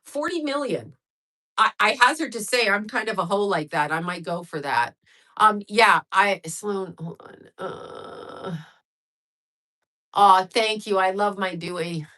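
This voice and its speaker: A woman's voice: mid-range voice, expressive, moderate pace, bright, forceful tone. A middle-aged woman chatting casually and rambling on her livestream, reacting to viewer comments as she goes. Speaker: livestream host.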